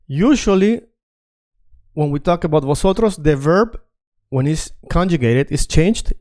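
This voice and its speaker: A Spanish teacher gives a casual online lesson, chatting and often repeating himself as he works on screen. His voice is mellow and a little high.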